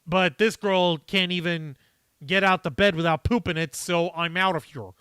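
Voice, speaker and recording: A man doing a deliberately bad, blunt and crude impression of a tech billionaire during a live stream. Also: high voice, steady tone, fairly bright tone, clean tone, no echo, studio quality. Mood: dismissive.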